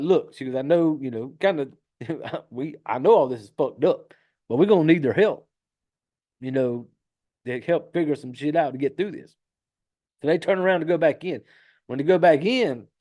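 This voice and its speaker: A man's voice: a little high, dark tone. A man casually recapping a horror film plot, rambling and swearing freely, with frequent laughs. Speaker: podcast host recapping a film.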